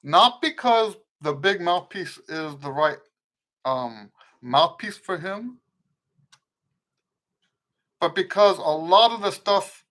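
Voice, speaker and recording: A man's voice: a little high, a bit bright. Middle-aged man, mixed Western Pennsylvania accent. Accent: mixed American, rooted in Western Pennsylvania. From eastern United States. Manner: rambling, often restarts and rewords sentences. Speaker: trumpet teacher and show host. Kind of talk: casual live Q&A lesson.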